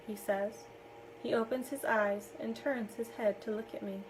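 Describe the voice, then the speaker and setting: A woman with a slightly high voice reads a novel aloud, steady and expressive. Her delivery follows the story closely, with clear narration. A faint ambient hush sits under the recording. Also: moderate pace, a little hiss or hum, low-quality recording. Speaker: reader.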